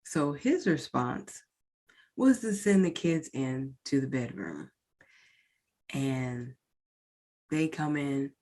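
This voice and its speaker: A woman's voice: a bass voice, animated, takes it slowly, pauses often, mellow. A woman podcast host recounting a painful personal experience in a candid, emotional way, speaking directly to her listeners. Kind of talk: personal storytelling.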